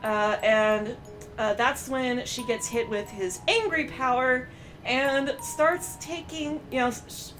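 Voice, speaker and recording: A woman recapping and reacting to a cartoon episode in a chatty, animated way, with lots of fillers. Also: on the high side. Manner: chatty, animated, with many fillers and quick quoted voices. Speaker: streamer reviewing a cartoon episode.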